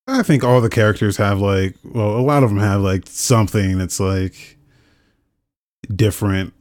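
A man's voice: on the low side, normal speed, darkish tone, no room sound, clean studio sound. A man co-hosting a casual gaming chat, reading out viewer questions in a laid-back, hesitant way.

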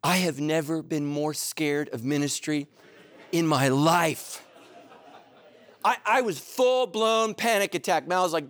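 Animated storytelling preacher, a man. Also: a little high, unhurried. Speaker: pastor. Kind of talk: sermon.

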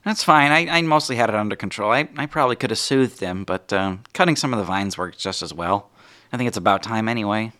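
An earnest young farm boy, eager and a little defensive about his crops, as a game master puts him on. The voice sits higher than the narrator's own. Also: expressive, fast, pushed and bright.

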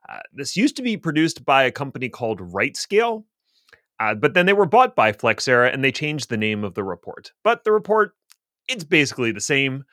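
Podcast co-host, male, mid pitch, explanatory with wry asides, dry close-mic sound. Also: very animated, brisk, fairly bright tone, no room sound. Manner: dry self-deprecating humor, explanatory. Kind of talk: casual tech podcast chat.

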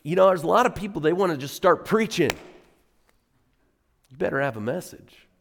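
A man's voice: fairly high pitch, normal speed, creaky, slight background noise. A middle-aged man preaching a sermon as pastor, telling stories in a conversational way and leaning hard on key words. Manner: conversational storytelling, animated emphasis. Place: church sanctuary. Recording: long reverb of a church hall.

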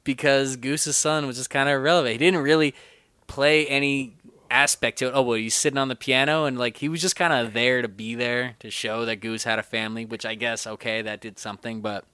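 Bright, crisp-voiced man in casual film chat. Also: medium pitch, no room sound. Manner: animated, acts out movie scenes in quick impressions. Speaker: podcast co-host.

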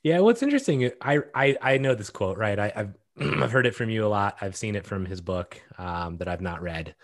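A man co-hosting a class, speaking slowly and hesitantly with frequent uh fillers. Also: on the low side, animated. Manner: slow and hesitant, with many uh fillers. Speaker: co-host of the class. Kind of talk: conversational class talk.

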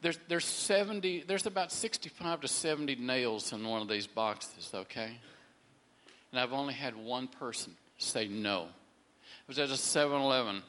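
A man's voice: mid-range voice, moderate pace, a bit bright. A middle-aged man telling a faith testimony in a casual, rambling way, often repeating words and acting out the people he quotes. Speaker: storyteller sharing a faith testimony.

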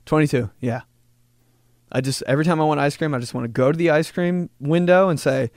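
A man hosting a podcast, joking through a rambling casual monologue and slipping into quick voices for people. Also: on the high side, fairly even intonation, no room sound, clean studio sound. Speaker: podcast host.

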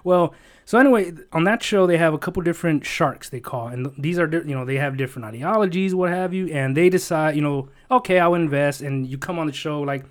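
A man's voice: a little high, fast talker. A man in casual chat, telling a long rambling story with lots of swearing, fillers and emotion.

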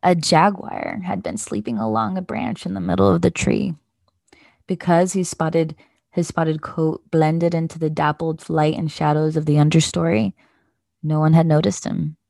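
A woman podcast host reading a children's picture book aloud in a gentle, measured way. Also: low-pitched, creaky, no room sound, clean studio sound.

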